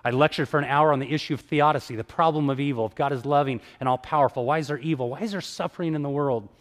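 A man giving a sermon-style talk, telling stories with lively acted-out dialogue. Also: a little high, very fast, long reverb tail. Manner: animated storyteller, acts out dialogue. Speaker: evangelist speaker.

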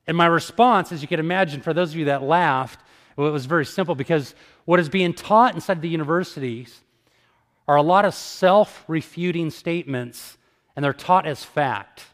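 A man giving a sermon-style talk, telling stories with lively acted-out dialogue. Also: on the high side, moderate pace, in a large hall. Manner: animated storyteller, acts out dialogue. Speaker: evangelist speaker.

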